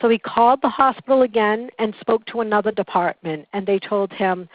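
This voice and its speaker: Woman trainer leading a webinar, calm, earnest teaching manner; thin phone-quality recording with no room sound. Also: mid-range voice, fairly quick, dry recording. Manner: calm, earnest, instructive storytelling. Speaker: patient relations coordinator teaching a class. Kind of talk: webinar presentation. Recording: tinny phone-like dry recording.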